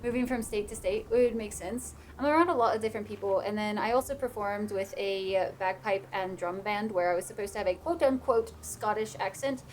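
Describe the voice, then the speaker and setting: A woman streaming a game who chats casually with her viewers and laughs often. Her accent drifts playfully whenever she gets animated. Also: medium pitch, fairly quick, hardly any pauses, slight background noise. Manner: chatty, laughs a lot, drifts between playful put-on accents. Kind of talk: casual live-stream chat.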